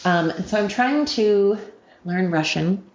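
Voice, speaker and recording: A woman's voice: mid-range voice, expressive, a little slow, highs cut off. A woman in her late forties from the United States, rambling through a casual solo podcast with lots of ums and self-corrections. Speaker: podcast host.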